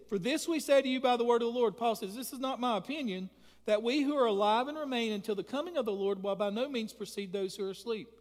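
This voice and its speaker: High-voiced preacher in a reverberant church. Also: male voice. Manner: emphatic, repeats phrases, builds to loud peaks. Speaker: pastor. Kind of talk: sermon with prayer. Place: church sanctuary.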